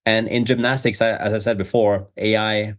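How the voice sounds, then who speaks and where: A man with a fairly low voice chats through a podcast segment in a loose, rambling way. He leans on fillers and breaks into quick laughs. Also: little pitch movement. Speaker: podcast host. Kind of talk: casual podcast chat.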